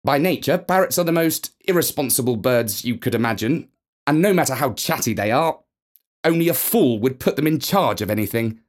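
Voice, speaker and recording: Matter-of-fact professor type, dismissive, man reading, lively pitch. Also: fairly quick, natural voice. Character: dry, learned zoology professor.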